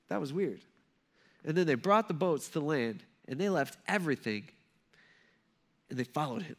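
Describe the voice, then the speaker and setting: A man preaching in a relaxed, conversational way, retelling a scripture passage as if chatting with friends. His voice sits a little higher than most men's, and he keeps checking in with his listeners. The talk stays loose and informal instead of formal oratory. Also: normal speed, long pauses. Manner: loose, chatty storytelling with frequent "like" and "right?". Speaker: pastor. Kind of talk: casual conversational sermon.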